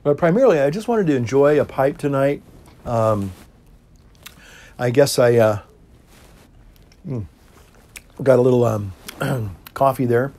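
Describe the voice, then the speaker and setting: A middle-aged male priest talks casually to his viewers, relaxed and rambling, with plenty of fillers. He chuckles now and then and breaks off to puff on a pipe, his voice sitting at an ordinary middle pitch. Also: measured pace, long pauses. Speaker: priest and pipe-smoking video host. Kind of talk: casual talk to camera.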